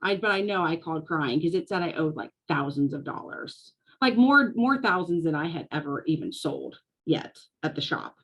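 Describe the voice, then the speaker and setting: A woman, talking casually to a live audience as a business coach and telling lively stories with frequent laughter. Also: sits low, normal speed, hardly any pauses, breathy edge, poor audio. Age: 40s. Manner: storytelling, animated, laughs often.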